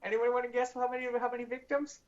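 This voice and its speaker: A woman's voice: a little high, steady tone, quick pace, darkish tone, dull audio. A woman hosting a comedy news podcast, reading a story and breaking into giggles.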